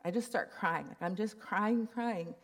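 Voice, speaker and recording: A woman's voice: mid-range voice, a little slow. A middle-aged woman gives a candid, emotional personal testimony at a church conference. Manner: candid and emotional, laughing while telling the story. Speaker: conference speaker.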